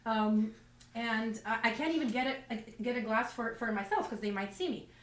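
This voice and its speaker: On a distant mic in a roomy space, this comedian tells self-deprecating stories at a normal speed, her slightly high voice fairly bright. Her stand-up storytelling wanders and keeps starting over.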